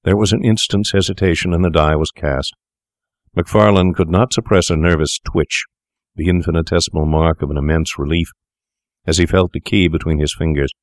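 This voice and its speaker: Deep-voiced man narrating a tale. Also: steady tone, normal speed, no room sound, clean studio sound. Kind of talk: scripted narration.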